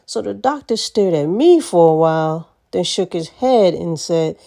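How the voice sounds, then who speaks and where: A woman's voice: lowish voice, lively intonation, unhurried, creaky, few pauses, warm tone. A woman vlogger telling stories in a casual monologue, blunt and profane, laughing often.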